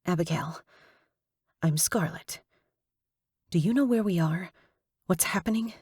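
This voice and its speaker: A woman narrator plays a terrified young college woman, begging for answers in a panicked rush. Her voice sits lowish with a husky grain. It is recorded close and dry. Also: a little slow, a little mellow, dry recording. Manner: panicked, pleading. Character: frightened young female college student, captive. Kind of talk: audiobook dialogue.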